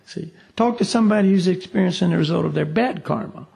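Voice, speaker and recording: A man's voice: sits high, quick pace, vocal fry, darkish tone. A man teaching a spiritual class in a conversational way. He keeps saying "you see" and acts out little dialogues. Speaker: meditation teacher. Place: meditation class room.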